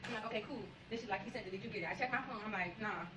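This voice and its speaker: Young woman stylist, rapid-fire animated storytelling, roomy echo, set back from the mic. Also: medium pitch. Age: young adult. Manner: fast, animated, profane retelling with quoted dialogue. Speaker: hair stylist. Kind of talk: casual storytelling to viewers. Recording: echoey room, voice from a distance, clear background noise.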